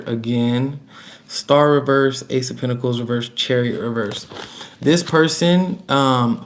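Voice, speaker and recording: A man's voice: mid-range voice, a little hiss or hum. A man giving a casual, chatty tarot reading to camera, emphatic and prone to repeating himself, with laughs between points. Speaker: tarot reader.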